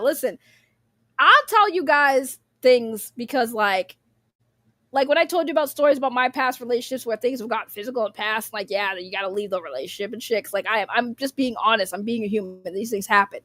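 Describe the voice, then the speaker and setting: A woman's voice: fairly high pitch, brisk, pushed and bright, dry recording, clean studio sound. A young woman, rambling bluntly in casual livestream commentary, laughing often and swearing freely.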